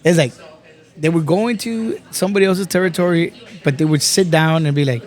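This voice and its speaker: Excited man telling stories, bit high. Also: brisk. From Texas. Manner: animated storytelling with frequent swearing and "bro". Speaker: podcast guest. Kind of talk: casual chat.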